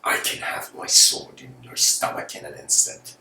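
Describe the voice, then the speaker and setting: Guy putting on a mean furious warlord, low voice, echoey room, mic kinda far. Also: fairly even intonation, normal speed, pushed and bright, full character voice. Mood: menacing. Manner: menacing threats. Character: furious ruthless male warlord. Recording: roomy, distant mic, faint noise.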